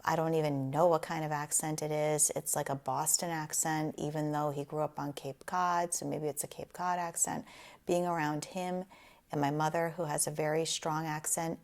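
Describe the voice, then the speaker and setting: A woman's voice: sits low, a little mellow. A woman in her forties with a light southern Rhode Island accent, answering interview questions in a hesitant, thoughtful way with frequent ums. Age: 40s.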